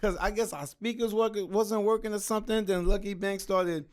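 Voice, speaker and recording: A man guest on a podcast, telling stories in a relaxed, slangy, casual way. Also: sits high, moderate pace. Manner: laid-back, slangy storytelling. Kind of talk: casual storytelling chat.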